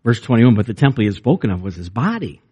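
A man preaching a sermon in a conversational way, with fillers and restarts, and his pitch rises when he reads or retells. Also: sing-song, fast talker, warm tone, husky, lo-fi sound.

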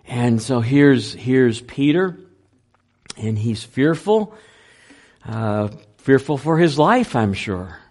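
A man preaching a sermon, unhurried and halting, with frequent fillers and restarts. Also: mid-range voice, expressive, a little mellow. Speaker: pastor.

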